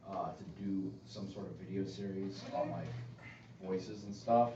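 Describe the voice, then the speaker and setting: A man who plays in a tabletop game, chatting in an animated, jokey way. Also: low voice, measured pace, background noise. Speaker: player. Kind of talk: casual chat between game sessions. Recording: dull, echoey room audio from a distance.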